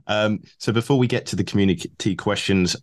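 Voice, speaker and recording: A male host from Enfield putting questions to his guest in a relaxed, conversational manner, hedging with fillers as he goes. His voice is very low-pitched. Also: moderate pace. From Enfield, London. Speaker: podcast host. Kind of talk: interview questions.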